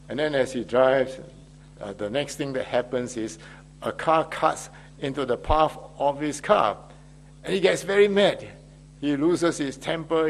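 Guy pastor giving a sermon, mid pitch, lots of uh pauses, faint hum behind. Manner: measured delivery with frequent hesitations.

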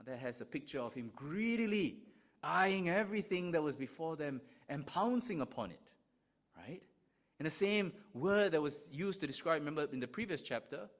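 A man preaching a sermon, explaining a scripture passage with frequent check-ins and reading verses aloud with emphasis. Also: mid-range voice. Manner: reads scripture in old-fashioned wording with rising emphasis. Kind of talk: expository sermon.

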